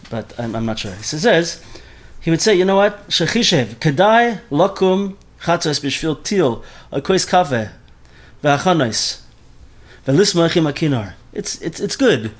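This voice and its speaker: Man teaching a Torah class. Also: medium pitch. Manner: animated, mixes Hebrew terms into speech, repeats words often.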